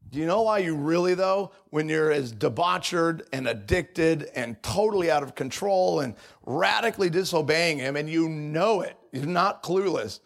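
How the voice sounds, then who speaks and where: Guy preaching, kinda gravelly, talks to you like a friend, a bit higher voice. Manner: conversational, confessional, mimics voices in anecdotes. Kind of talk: sermon.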